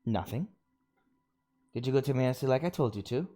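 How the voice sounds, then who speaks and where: A man's voice: medium pitch, lively intonation, moderate pace, dark tone, faint music behind, natural voice. A man voicing a stern, anxious older woman professor while reading game dialogue aloud. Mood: insistent.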